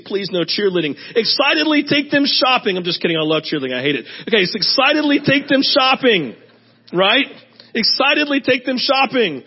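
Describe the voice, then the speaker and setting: A man's voice: high voice, breathy edge. A middle-aged male pastor giving a chatty sermon, telling stories and often asking "right?". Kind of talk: conversational sermon. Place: church service. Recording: dull lo-fi sermon audio.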